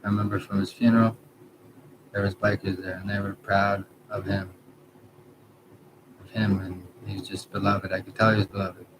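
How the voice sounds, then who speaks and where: A man in his thirties from Canada, talking in a halting, rambling personal monologue, trailing off and correcting himself. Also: fairly low pitch, little pitch movement. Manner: halting, trails off, many restarts and self-corrections. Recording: background noise.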